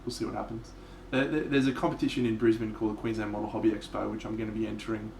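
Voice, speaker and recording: A man's voice: on the low side, little pitch movement, very fast, vocal fry, a little mellow, a little hiss or hum. Aussie bloke streaming his painting, swears a lot, echoey room. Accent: Australian. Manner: swears freely, laid-back and chatty. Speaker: miniature painter streaming live. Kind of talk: casual live-stream chat.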